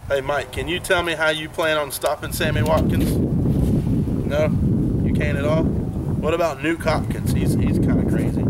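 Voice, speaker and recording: A man's voice: mid-range voice, background noise. A young man, teasing and mock-scolding as he trash-talks a rival team. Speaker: college football fan. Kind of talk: comedic trash talk.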